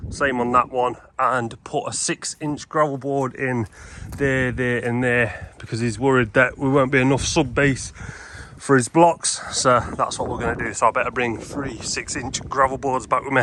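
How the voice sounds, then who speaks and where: Chatty tradesman outdoors in wind. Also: mid-range voice. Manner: chatty, matter-of-fact, talks to viewers while working. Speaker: fencing tradesman vlogger. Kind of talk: casual vlog commentary. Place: outdoors at work sites and a yard, windy.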